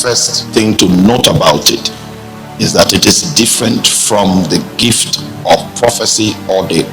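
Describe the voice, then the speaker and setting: A pastor in his forties preaching a sermon, slow and emphatic, often stopping to ask the congregation if they are following. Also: mid-range voice, fairly bright tone, rough recording. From Nigeria. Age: 40s.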